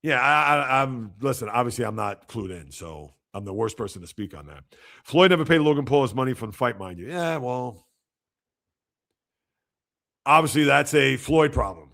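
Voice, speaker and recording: A man's voice: mid-range voice, lively intonation, moderate pace, creaky, a bit bright. A man hosting a casual sports commentary livestream, rambling with rhetorical, exasperated asides.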